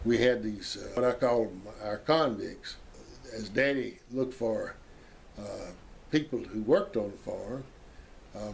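An older man, telling family memories in a folksy, rambling way with many fillers. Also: mid-range voice. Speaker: storyteller. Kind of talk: recorded family memoir storytelling.

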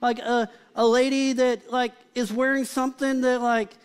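A man's voice: very high voice, level tone, normal speed, smooth. A male pastor preaching a live sermon in a conversational, humorous way, often saying "like". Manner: conversational and humorous, with frequent filler "like".

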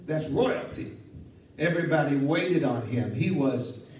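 A male pastor preaching a sermon, telling a story in a lively way, acting out the dialogue and chuckling at his own asides. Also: fairly high pitch, measured pace, a little hiss or hum. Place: church sanctuary. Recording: echoey church hall from far off.

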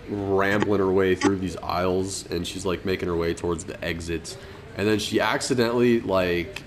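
A man's voice: sits low, slight background noise. A young man, a podcast co-host, telling a story in loose, profane casual chat and laughing often. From Colorado.

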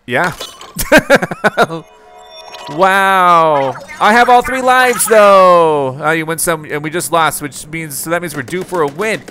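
A man's voice: fairly high pitch, lively intonation, takes it slowly. A man giving let's-play commentary on his own game, yelping and exclaiming when things go wrong. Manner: reacts loudly, yelps and exclaims under pressure. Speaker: gaming video host. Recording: music playing behind the voice.

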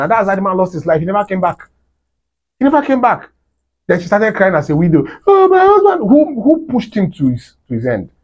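A man lectures his viewers in a preachy advice monologue, driving points home by repeating them. His voice sits somewhat high and a little husky, with soft music behind him. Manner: preachy, emphatic, repeats phrases for stress. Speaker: host.

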